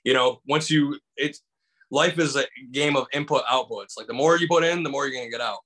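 Guy from michigan telling a comedy story, bright voice, lots of likes and ums, acts out the people. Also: medium pitch, fairly quick. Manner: animated, acts out voices in anecdotes, many fillers. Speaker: stand-up comedian guest. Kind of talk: casual storytelling in an interview.

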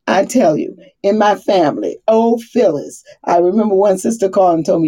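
A middle-aged woman talks through scripture and stories from her own life in a casual, animated way. She breaks into laughter often and acts out the people she quotes. Her voice is husky and mellow. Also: mid-range voice, fairly quick. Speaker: Bible study speaker. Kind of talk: casual faith talk.

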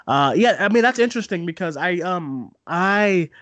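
A man co-hosting a casual live podcast, rambling and stopping to restart his sentences. His voice sits a bit high and the sound is dry and close, with no room echo. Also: moderate pace. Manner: rambling, many restarts, animated retelling. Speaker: podcast co-host.

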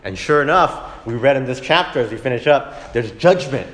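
A man's voice: medium pitch, animated, normal speed, a bit bright. A man in his thirties teaching a Sunday school lesson in a casual, conversational way, often ending points with "right?". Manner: casual, tags statements with "right?", acts out family arguments. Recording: echoey room with long reverb.

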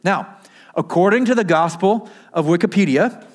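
A man's voice: high-pitched, normal speed, slight background noise. A man in a pastor's role preaching a sermon in a conversational way, asking the congregation questions and answering them himself, with his voice muffled by a mask. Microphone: wearing a mask.

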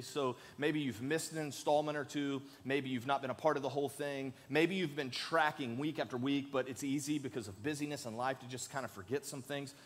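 A man preaching a sermon as pastor in a church, earnest and emphatic, leading the congregation in saying lines together. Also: mid-range voice. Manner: earnest, emphatic, leads the congregation in call-and-response. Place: large church sanctuary. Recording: long hall reverb.

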